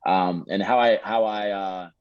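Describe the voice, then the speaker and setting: Deep-voiced man, put-on American accent. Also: measured pace, smooth, no room sound, lo-fi sound. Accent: American (put on, Detroit-leaning). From England. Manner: relaxed, rambling with many fillers and restarts. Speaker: actor, interview guest. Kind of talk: casual interview answers.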